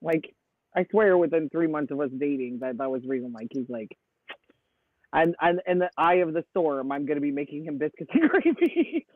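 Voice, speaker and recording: A man's voice: a little high, moderate pace, no echo. A man hosting a live stream in casual chat, talking at length and laughing often. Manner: chatty, laughs often, animated storytelling. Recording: dry tinny phone-like sound.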